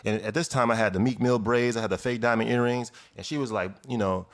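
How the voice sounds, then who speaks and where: A young man from Chicago telling his life story in an interview, animated and emphatic, acting out the people he quotes. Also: medium pitch, fast. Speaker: guest. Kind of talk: storytelling in conversation.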